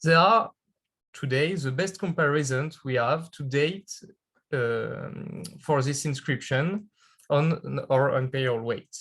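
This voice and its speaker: A man with a French accent reading an academic paper aloud on a video call, careful and measured, with small restarts. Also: medium pitch, fairly bright tone. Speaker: conference speaker.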